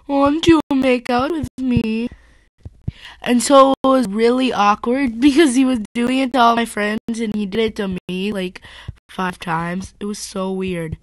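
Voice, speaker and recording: A woman's voice: mid-range voice, no room sound, poor audio. A woman chatting casually while commenting on her Minecraft gameplay, rambling and often correcting herself mid-sentence. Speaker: gaming channel host.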